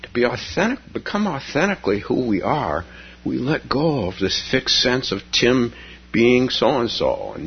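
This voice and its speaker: A man teaching as a Zen teacher in a gentle, storytelling dharma talk, repeating key phrases softly. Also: mid-range voice, gravelly, slightly rough, muffled recording.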